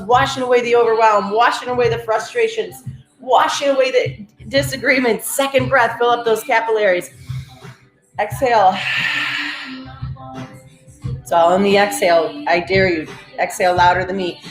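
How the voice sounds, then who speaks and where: A middle-aged woman leading a live-streamed breathing and affirmation session, energetic and encouraging, calling out viewers by name. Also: a little high. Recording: roomy echo with faint music.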